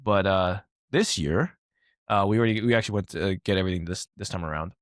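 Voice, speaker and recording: A man's voice: low-pitched, fast, no room sound, studio quality. A man co-hosting a fitness podcast in casual chat, rambling with lots of fillers and frequent laughs, originally from Taiwan. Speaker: fitness coach, podcast co-host.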